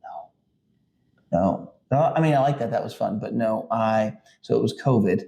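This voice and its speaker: A man's voice: fairly low pitch, a little slow, vocal fry, dark tone. A middle-aged man, a podcast co-host and father, telling a family story in casual chat, rambling with lots of fillers and restarts. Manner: rambling, full of likes and restarts.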